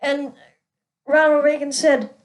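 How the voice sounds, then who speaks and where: A woman's voice: high-pitched, level tone, slow pace, poor audio. A woman hosting her own show, telling a string of jokes and laughing at her own punchlines. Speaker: show host.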